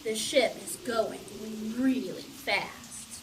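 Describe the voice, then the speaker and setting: A woman's voice: a little high, extremely slow, recorded from a distance, background noise. A woman reading a picture book aloud to children in a playful pirate persona, asking them questions as she goes. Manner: playful pirate-talk, animated with questions to kids. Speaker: children's storytime reader.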